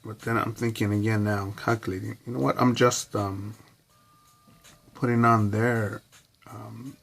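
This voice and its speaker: An adult man vlogging in a rambling, profane, reflective monologue full of pauses and fillers. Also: fairly low pitch, level tone, gravelly, a bit bright.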